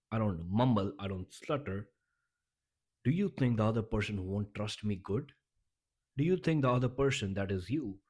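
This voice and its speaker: A man's voice: fairly low pitch, mellow, husky. A man giving a motivational vlog talk in an emphatic, repetitive and blunt way, often restarting his sentences. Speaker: YouTuber.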